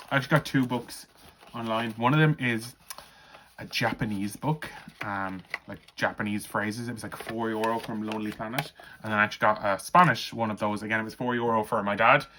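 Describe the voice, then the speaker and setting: A man's voice: medium pitch, fairly bright tone, slight background noise. A man chatting casually to camera as a budgeting vlogger, rambling with lots of fillers and restarts.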